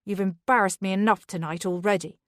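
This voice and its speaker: A woman's voice: medium pitch, fairly even intonation, a little fast, no room sound, clean studio sound, lightly acted. A woman narrator voicing an irritated, evasive husband who talks in a dismissive, hissing way.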